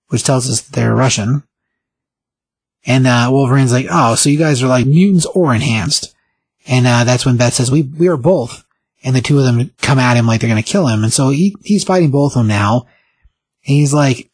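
A man hosts a casual podcast and recaps a comic book in a rambling, animated way. His voice is husky and slightly breathy, with a middling pitch. The sound is dry and close, with no room echo. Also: brisk. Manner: rambling, animated retelling with quoted character lines.

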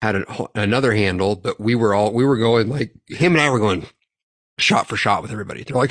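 A man co-hosting a podcast, swearing freely as he tells a lively story to his friends. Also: on the low side, fast, dry recording, clean studio sound. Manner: profane, animated storytelling. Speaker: podcast co-host. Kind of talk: casual storytelling among friends.

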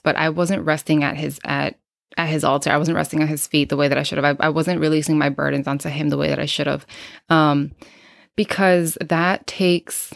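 A woman's voice: deep voice, creaky, no echo, clean studio sound. A woman in her thirties hosting an unscripted podcast, talking reflectively and candidly, thinking aloud with many fillers and restarts, a little out of breath. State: slightly out of breath. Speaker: podcast host.

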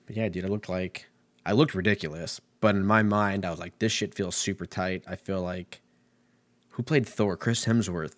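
A man's voice: low voice, fairly even intonation, normal speed. A man ranting comically, swearing constantly, laughing often and drifting from tangent to tangent. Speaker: comedian. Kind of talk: rambling comedic rant.

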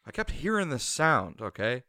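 A man co-hosting a casual podcast chat, retelling a movie scene by scene in an animated way, swearing freely and tossing in "dude". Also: medium pitch, normal speed, no echo, studio quality. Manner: animated storyteller, swears a lot, says "dude". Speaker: podcast co-host.

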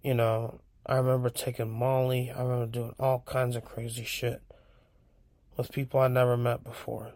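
A man's voice: mid-range voice, little pitch movement, normal speed, a little mellow, dry recording. A young man from California rambling bluntly through a casual monologue, cursing freely as he tells stories. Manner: blunt, profane, storytelling. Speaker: podcast host.

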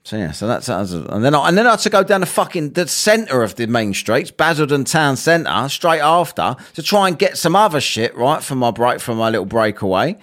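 A man's voice: medium pitch, very animated, normal speed, few pauses, a bit bright. A young man telling a ranting story with lots of swearing, acting out both sides of a quarrel.

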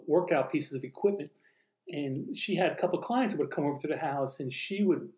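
A man recounting a true personal story in an animated way, acting out the dialogue he quotes. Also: fairly high pitch, roomy sound, low-quality recording.

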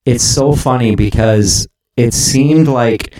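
A man's voice: mid-range voice, dark tone, reverberant, rough recording. A man hosting a casual music chat, eagerly agreeing and chiming in often. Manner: eager, agreeable, quick to chime in.

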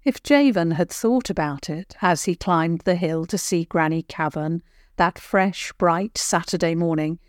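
An older woman with a slightly low voice tells a children's story, gently and at a measured pace. The recording is close and dry, without any room sound.

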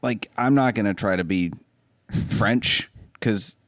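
A man's voice: on the low side, slow pace, no room sound, clean studio sound. A middle-aged man from Ohio co-hosting a podcast, telling self-deprecating stories in casual chat. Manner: animated, self-deprecating storytelling. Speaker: podcast co-host.

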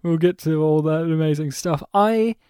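A man co-hosting a casual film podcast, talking in an animated, rambling way with frequent restarts. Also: fairly high pitch, normal speed, smooth, no room sound, studio quality. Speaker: podcast co-host. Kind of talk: casual movie discussion.

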